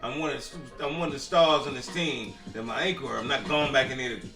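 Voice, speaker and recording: A man co-hosting a casual chat show, joking and animated, swearing freely. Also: mid-range voice, fast, roomy sound, distant mic, over music.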